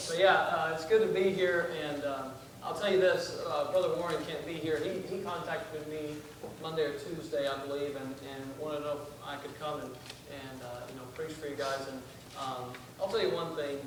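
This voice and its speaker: A young man, preaching as a visiting missionary in a folksy, self-deprecating way, with many fillers and restarts. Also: on the high side. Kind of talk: sermon with casual asides. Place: church sanctuary. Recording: echoey church from far off, noisy.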